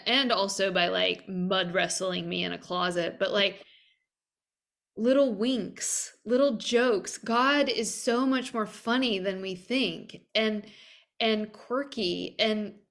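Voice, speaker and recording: A woman's voice: medium pitch, fairly even intonation, takes it slowly, fairly bright tone. A woman hosting a podcast, chatting casually with guests and laughing easily. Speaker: podcast host. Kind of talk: casual conversational interview.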